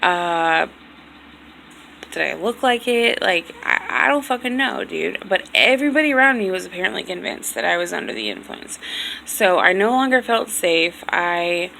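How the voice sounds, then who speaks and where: A woman's voice: lowish voice, big pitch swings, normal speed, gravelly, sharp tone, a little hiss or hum, low-quality recording. A woman vlogger telling a long story casually, rambling, full of "like" and swearing, sounding tired and hurt. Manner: rambling, heavy on "like", frequent swearing.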